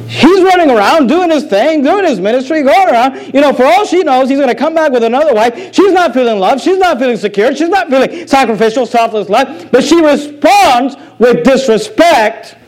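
Male pastor, high voice, earnest sermon delivery with repeated phrases and questions to the congregation. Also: lively intonation, moderate pace, few pauses, poor audio.

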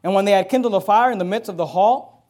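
A man's voice: sits high, fast, a little mellow. A man preaching a sermon, reading scripture and acting out the quoted dialogue with rising intensity. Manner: reads scripture in King James wording.

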